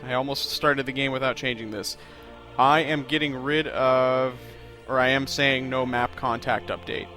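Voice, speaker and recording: A man hosting a let's-play, chatty and self-deprecating, rambling through plans with plenty of fillers. His voice sits at a middling pitch, with faint music playing underneath. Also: fairly even intonation, normal speed, hardly any pauses, sharp tone. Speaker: video game let's-play host. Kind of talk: casual gameplay commentary.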